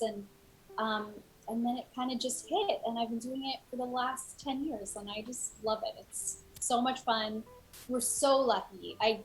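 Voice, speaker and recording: Enthusiastic woman, slightly high voice. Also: fairly even intonation, a little slow, low-quality recording. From Los Angeles. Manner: warm, grateful, enthusiastic. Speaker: voice actor. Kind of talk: casual panel chat.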